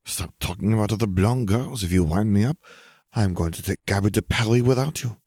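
A man's voice: lowish voice, a little fast, a little mellow, no echo. A man voicing a possessive, teasing young witch in a storybook reading, with a dry, wry delivery.

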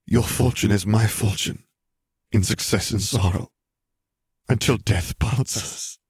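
Man voicing Harry, quiet earnest groom. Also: fairly low pitch, unhurried, slightly rough, voice pushed up, full character voice. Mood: moved. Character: young wizard groom, earnest and overwhelmed. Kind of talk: audiobook reading of fan fiction.

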